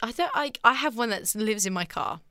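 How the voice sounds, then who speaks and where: A young woman co-hosting a casual student podcast, playful and quick to laugh. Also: a little high, animated, pushed and bright, no echo, studio quality. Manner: giggly, playful, picks up on funny words. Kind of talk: casual chat.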